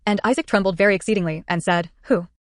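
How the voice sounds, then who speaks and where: A woman narrating a Bible passage in a steady, even reading cadence. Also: medium pitch, fast, dry recording, clean studio sound. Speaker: Bible reader.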